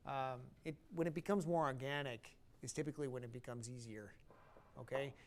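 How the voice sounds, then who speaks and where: A man's voice: medium pitch, steady tone, brisk, a little hiss or hum. A man teaching a brass master class, singing rhythms aloud on syllables to show phrasing. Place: concert hall stage.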